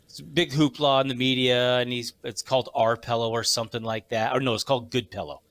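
A middle-aged man co-hosting a podcast, telling stories in casual chat with halting restarts. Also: medium pitch, fairly even intonation, fairly bright tone, dry recording. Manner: chatty storyteller, halting restarts. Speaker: podcast co-host.

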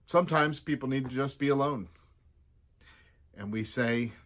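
Man, pastor, casual devotional, chatty, mid-pitched, animated quotes. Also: moderate pace, pauses often. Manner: chatty, acts out quotes with big pitch jumps.

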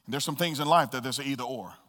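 A man preaching a sermon as pastor, swinging between loud bursts and hushed asides. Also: medium pitch, rapid-fire. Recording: reverberant hall.

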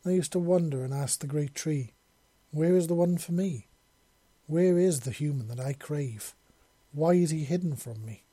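A man's voice: on the high side, normal speed, dark tone, slightly rough, no room sound. A man voicing a lovestruck, devoted and possessive female dragon-woman in an audiobook, making earnest, tender declarations. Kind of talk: audiobook character voice.

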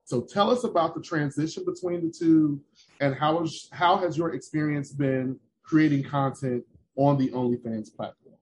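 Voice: mid-range voice, normal speed, darkish tone, slight background noise, low-quality recording. A podcast host asking a guest questions in a casual interview.

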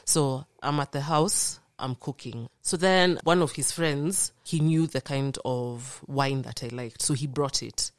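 A young woman tells her story as a podcast guest, earnest and animated, acting out the voices she quotes. Her voice sits low, and the recording is dry and close. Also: unhurried, few pauses, dry recording. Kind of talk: personal storytelling in a podcast conversation.

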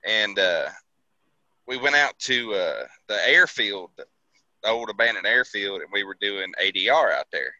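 A man's voice: lowish voice, expressive, unhurried, pushed and bright, no echo, dull audio. A man casually telling a profane army story, laughing and acting out the people he quotes. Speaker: veteran telling army stories.

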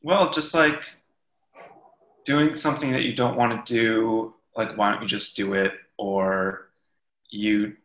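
Relaxed man in an echoey room. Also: lowish voice, slow. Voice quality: relaxed, frequent "like" fillers. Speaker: former athlete interviewing his coach. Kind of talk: casual conversation. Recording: roomy echo.

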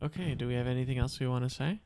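A man's voice: mid-range voice, very fast, dark tone, slight background noise. A man co-hosting a podcast in casual chat, often switching into a playful mock-announcer delivery. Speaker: podcast co-host.

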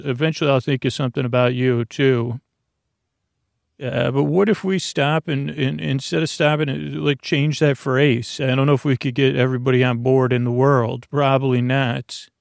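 A man hosting a sleep podcast, drifting through a meandering, soft-spoken bedtime monologue full of restarts and asides. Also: mid-range voice, vocal fry, no room sound, studio quality.

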